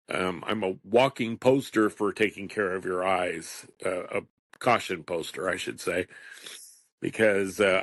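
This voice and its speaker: A man in his fifties talks alone on his podcast in a loose, wandering way, chuckling as he goes. His voice sits a little low, and the sound is close and dry with no room echo. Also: a bit bright. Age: 50s. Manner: rambling, chatty, chuckles often. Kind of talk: casual solo podcast monologue.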